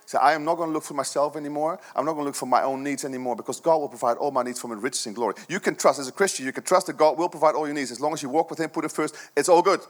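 A man's voice: on the high side, rapid-fire, few pauses. A middle-aged man preaching a sermon to his church, earnest and conversational, with many rhetorical questions. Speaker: pastor.

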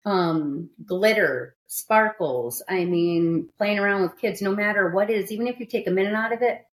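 A woman's voice: mid-range voice, moderate pace. A woman hosting a studio podcast, talking candidly and emphatically in casual chat. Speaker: podcast host.

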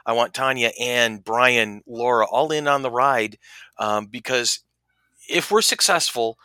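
A middle-aged man spins a casual anecdote for his co-host, acting out the people he quotes. His voice is very bright and forward. It is recorded close and dry, with no room sound. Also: mid-range voice, a little slow, clean tone, dry recording. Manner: animated anecdote teller, acts out quotes. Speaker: podcast co-host. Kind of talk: casual storytelling chat.

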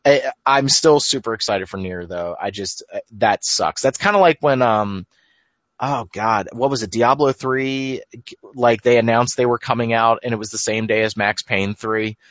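A man's voice: mid-range voice, normal speed, fairly bright tone, no echo, highs cut off. A man on a casual gaming podcast, rambling enthusiastically and often cutting himself off mid-sentence. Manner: rambling, self-interrupting, enthusiastic. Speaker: podcast co-host.

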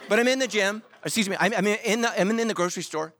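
A man's voice: high voice, fast talker. A middle-aged man preaching a sermon as a pastor, telling stories with jokes and acting out quotes. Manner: animated storytelling with jokes and acted-out quotes.

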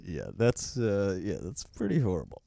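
A man's voice: lowish voice, wildly swooping pitch, normal speed, vocal fry, mellow, no room sound. A man co-hosting a podcast, rambling through casual chat and laughing often. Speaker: podcast co-host. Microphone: studio mic with headphones.

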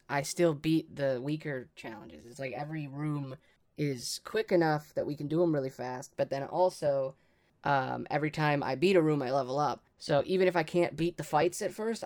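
A tabletop game player thinking aloud, excitable and swearing freely. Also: medium pitch. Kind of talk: casual tabletop game play.

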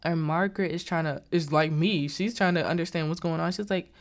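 A woman's voice: lowish voice, brisk, few pauses. A young adult woman casually recapping a film plot, rambling with lots of filler and exasperated asides. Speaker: vlogger reviewing a film.

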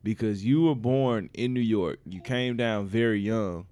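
A man's voice: fairly low pitch, measured pace, warm tone, no room sound. A man from South Carolina hosting a podcast, talking loosely and laughing with his friends in casual chat. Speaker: podcast host.

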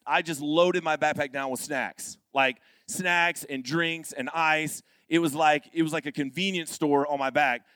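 A man's voice: fairly high pitch, no echo. A young man, a guest pastor, tells a funny story during a sermon, acting out the people in it with changing voices. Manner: animated, acts out quoted people with shifting voices.

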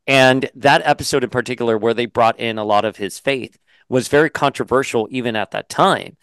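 A man hosting a casual interview, animated and chatty, who swears and slips into mocking voices. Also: medium pitch, a little fast, clear, resonant tone, no echo. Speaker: interview host. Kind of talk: casual video-call interview.

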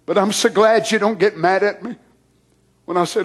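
A man preaching and praying in a sermon, moving from hushed whispers to loud shouts. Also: high voice, fairly even intonation, normal speed, pauses often. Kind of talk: sermon prayer.

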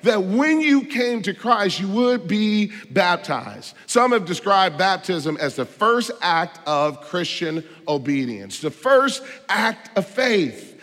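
A man preaches in a somewhat high voice, pressing his points with rhetorical questions and emphatic stresses. His words carry a long reverb through the church sanctuary. He moves from loud declarations to hushed, earnest asides. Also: very animated, slow, few pauses. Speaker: pastor. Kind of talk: sermon.

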